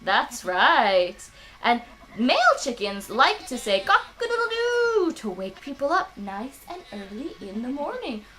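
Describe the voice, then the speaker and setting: High, animated woman teaching kids. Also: a little slow. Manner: patient, clear and encouraging, with playful animal sounds. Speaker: children's English teacher. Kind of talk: children's ESL lesson.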